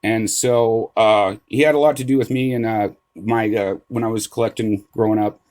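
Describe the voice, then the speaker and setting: A middle-aged man vlogging about card collecting, telling a story in a casual, animated way with restarts, swearing and a lot of "right?". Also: on the low side, moderate pace.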